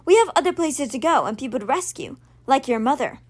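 A woman's voice: high voice, lively intonation, a little fast. A woman reading the lines of an earnest young male leader from a storybook, in her own voice.

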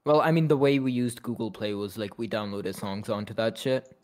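A man's voice: lowish voice, a little fast, a little mellow. A young man co-hosting a casual podcast, rambling, swearing freely and laughing often. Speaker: podcast co-host. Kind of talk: casual chat.

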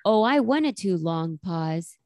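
A woman's voice: lowish voice, takes it slowly, no echo, studio quality. Woman in her 30s, casual chat, quotes stuff with big voice swings. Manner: animated, acts out quotes with laughter.

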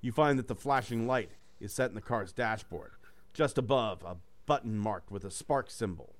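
A man's voice: on the low side, normal speed. A man reading a choose-your-own-adventure book aloud to friends, with loose, joking and profane asides. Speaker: reader running a gamebook for friends.

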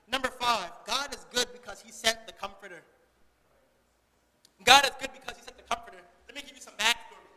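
A young man preaches to his congregation at a quick, excitable clip. His voice sits unusually high and sounds sharp and bright. The sound carries a long church-hall reverb. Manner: fast, excitable delivery. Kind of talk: sermon. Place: church sanctuary.

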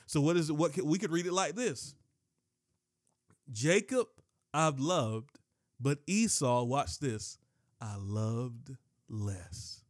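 A man's voice: on the high side, expressive, takes it slowly, pauses often, no room sound, studio quality. A man preaching a sermon, emphatic, repeating key phrases and reading scripture aloud. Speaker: pastor.

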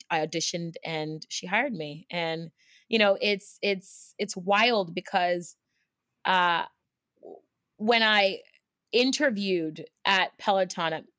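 Here the cycling instructor's voice sits fairly low as she shares a personal story with lively earnestness, frequently starting over mid-sentence and using filler words. Clean studio audio, no echo.

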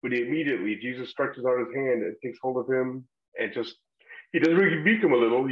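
A man's voice: mid-range voice, brisk. A man casually leading a Bible discussion on a podcast, rambling a little, with fillers and the odd laugh. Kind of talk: casual Bible study chat. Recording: slightly muffled lo-fi audio.

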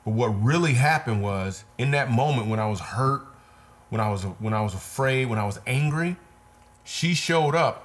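A man, a comedian guest, telling a personal story in an earnest, repetitive, vivid way. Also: on the low side. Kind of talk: conversational storytelling.

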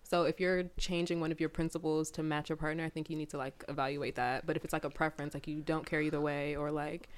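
Low-voiced woman reasoning thoughtfully. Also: little pitch movement, fast talker, few pauses. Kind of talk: casual chat.

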